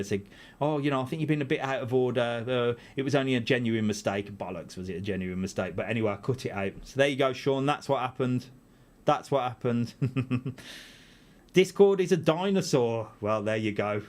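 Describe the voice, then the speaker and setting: A middle-aged man hosting a casual live stream from a gear-filled room at home, chatty and self-mocking, his pitch bouncing up and down as he rambles. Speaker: YouTube channel host.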